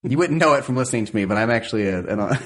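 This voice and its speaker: A man's voice: mid-range voice, expressive, rapid-fire, a bit bright. Wry rambling man on a podcast. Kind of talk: casual podcast chat.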